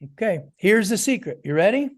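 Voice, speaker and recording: A man in his forties gives a motivational talk to his team over a video call. His voice sits high for a man. He speaks in a lively storytelling manner and turns often to address his listeners by name. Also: normal speed. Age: 40s. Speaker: network marketing trainer.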